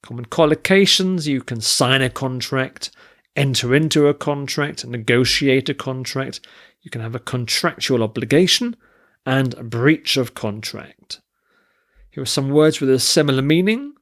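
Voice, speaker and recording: In a slightly bright, mid-range voice, a man leads an English vocabulary lesson at a slow, deliberate pace. He lists word forms, spells out their forms and stress, and reads example sentences carefully.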